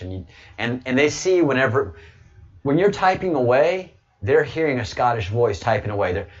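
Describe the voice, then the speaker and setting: A man chatting casually as a guest, rambling and joking with many restarts, and sometimes boastful and provocative. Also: medium pitch. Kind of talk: casual chat. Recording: dull lo-fi audio.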